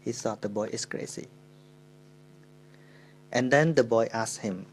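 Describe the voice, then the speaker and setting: Khmer-accented monk, unhurried dharma talk, measured mid-pitch voice, stops to rephrase. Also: male voice, breathy edge, poor audio. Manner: slow, unhurried, speaking English with pauses and self-corrections. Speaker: Buddhist monk.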